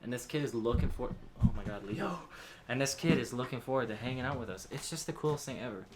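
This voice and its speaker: A man's voice: medium pitch, quick pace. A young man hosts a casual chat at home into a podcast mic. He rambles through stories in a mid-range voice, full of fillers and restarts. A faint hiss sits under the recording. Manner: rambling storyteller, filler-heavy. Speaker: podcast host. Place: home with dogs. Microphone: podcast mic with headphones.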